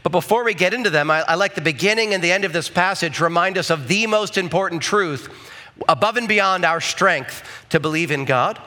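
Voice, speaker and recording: A man's voice: high-pitched, fairly quick, pushed and bright. A male pastor preaching a conversational sermon in church, often checking in with the congregation with asides.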